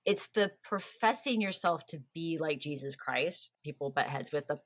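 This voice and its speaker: A woman with a low voice hosts a casual history podcast. She tells the story in a chatty, animated way and slips into playful quoted voices. The sound is dry and close. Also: moderate pace, no room sound. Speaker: podcast host.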